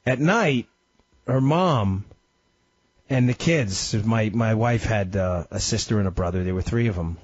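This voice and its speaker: A man hosts a talk radio show, telling a story with emphasis and sudden swings in pitch, sounding slightly ill in an impassioned monologue. His voice is a little slow and slightly rough. The studio microphone captures dry, slightly dull radio audio with no room sound.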